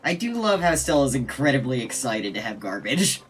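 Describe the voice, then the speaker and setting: A man streaming a game live, commenting in a loud, playful and excitable way. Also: medium pitch, normal speed, distant mic. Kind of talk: casual gameplay commentary.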